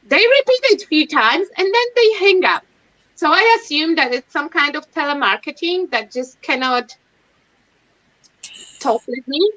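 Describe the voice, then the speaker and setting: High, bright woman chatting on a stream. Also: lively intonation, unhurried. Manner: chatty, self-mocking, laughs often. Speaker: livestream host. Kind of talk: casual chat. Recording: dull lo-fi stream audio.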